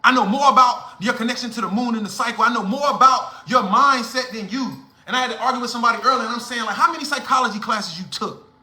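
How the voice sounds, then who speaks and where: A man's voice: very high-pitched, quick pace, hardly any pauses, sharp tone. Young man, livestream rant, profane, heated, echoey room. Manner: blunt, profane, heated lecturing. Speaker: livestream host.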